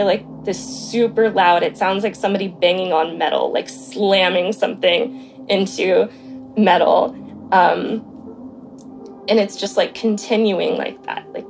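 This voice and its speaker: A woman's voice: mid-range voice, darkish tone. Chatty young woman telling a story. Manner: chatty, many fillers and "like". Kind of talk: casual storytelling. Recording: faint background noise.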